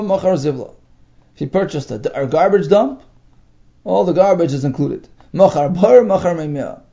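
Gravelly, animated man teaching a text. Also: fairly high pitch. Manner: reads Aramaic phrases then explains them in English; halting, with many fillers. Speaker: Talmud teacher. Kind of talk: text study lesson. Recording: dull lo-fi recording.

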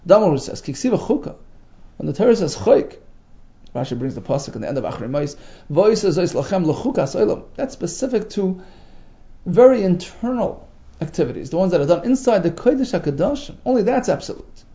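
A man's voice: sits high, vocal fry, warm tone, dull audio. A man giving a Talmud class, reading Aramaic phrases and explaining them in English with emphatic delivery. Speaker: Talmud teacher.

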